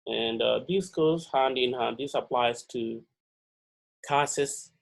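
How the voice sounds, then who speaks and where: A man giving a pre-lab chemistry lecture, halting and full of "uh" and "all right" fillers, repeating key words for emphasis. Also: mid-range voice, gravelly, low-quality recording.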